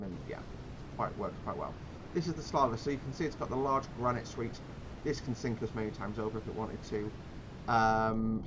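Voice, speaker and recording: A man's voice: medium pitch, background noise. Rambling man explaining a naval game. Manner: rambling, explanatory, frequent fillers and restarts. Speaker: gameplay commentator. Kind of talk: casual game commentary.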